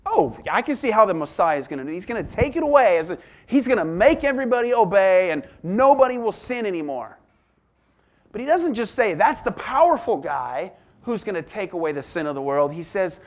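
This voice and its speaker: A man preaching a sermon as pastor, reading scripture and explaining it, moving between emphatic exclamations and soft, hushed asides. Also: high voice, very animated, brisk.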